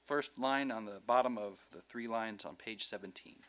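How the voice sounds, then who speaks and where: A man's voice: fairly low pitch, moderate pace, fairly bright tone. A man teaching a Hebrew class, patient and explaining with examples and light jokes. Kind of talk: online class instruction.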